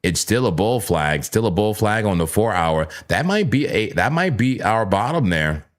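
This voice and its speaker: Deep-voiced man hosting a chatty trading stream. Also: very animated. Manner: playful, chatty, talks straight to chat viewers; repeats words, quick self-corrections. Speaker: livestream crypto trading host. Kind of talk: casual live chart commentary.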